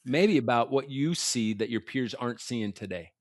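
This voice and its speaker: A man's voice: medium pitch, expressive, normal speed, no echo, studio quality. A man hosting a podcast interview, asking questions in an enthusiastic and affirming way. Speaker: podcast host.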